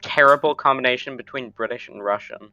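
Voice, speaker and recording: A man's voice: medium pitch, brisk, sharp tone, no echo, highs cut off, faint music behind. A man playing a tabletop game, talking casually and hesitantly with many fillers. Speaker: player. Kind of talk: casual chat.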